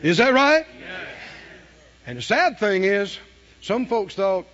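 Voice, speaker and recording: High-voiced emphatic preacher man. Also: expressive, unhurried, pauses often, lo-fi sound. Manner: emphatic, swinging from hushed to shouting, with laughs. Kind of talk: sermon.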